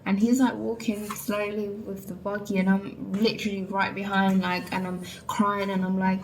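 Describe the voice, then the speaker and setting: A woman's voice: medium pitch, level tone, moderate pace, few pauses, a little hiss or hum, poor audio. A young woman from England, chatting candidly to viewers and saying "like" and "literally" a lot. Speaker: vlogger. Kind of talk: casual chat.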